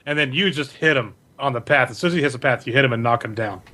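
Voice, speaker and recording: Bright-voiced man running a tabletop game. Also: mid-range voice, fast talker. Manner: loose, rambling, stumbles over names. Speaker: game master.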